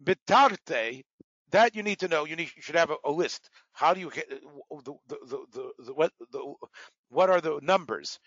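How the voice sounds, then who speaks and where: Man, Talmud teacher, slightly raised pitch, rambling patient explanations, dull dry sound. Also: animated, moderate pace, fairly bright tone, no room sound. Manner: digressive, explains terms patiently, many fillers. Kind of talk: lecture with asides.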